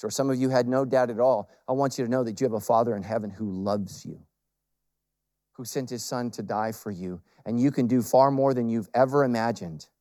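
A middle-aged man preaching a sermon as a pastor, swinging between loud emphatic peaks and quiet intimate lines and repeating phrases for emphasis. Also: fairly low pitch, no echo, clean studio sound.

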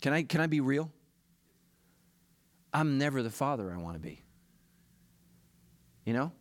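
A man's voice: mid-range voice, very animated, a little slow, dry recording. A middle-aged man, a pastor, preaching a sermon in a confessional, self-deprecating way that builds to impassioned preaching.

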